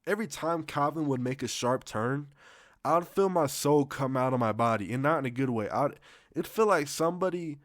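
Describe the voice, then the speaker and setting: A man's voice: a little high, lively intonation, moderate pace, no echo. Young man telling a story, slangy and dry. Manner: loose, slangy, profane, rambling with restarts. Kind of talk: casual storytime.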